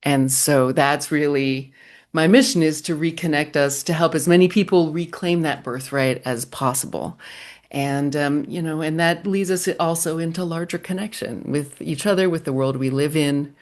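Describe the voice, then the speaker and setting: A middle-aged woman, a running coach, answering interview questions in a measured, thoughtful way. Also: low voice, darkish tone.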